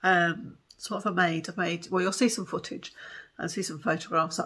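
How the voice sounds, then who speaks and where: A tired woman, chatting excitedly to camera in a home vlog and giggling often. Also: on the low side, moderate pace, husky. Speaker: vlogger. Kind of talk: casual chat to camera.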